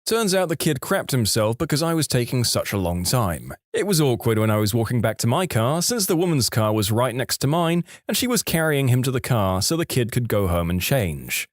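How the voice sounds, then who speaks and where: A man narrating online stories in a lively scripted storytelling read. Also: medium pitch, normal speed, few pauses, no room sound, studio quality.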